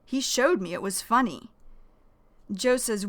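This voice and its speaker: A woman teaching English vocabulary, explaining each word slowly and carefully. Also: mid-range voice, lively intonation. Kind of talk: vocabulary lesson.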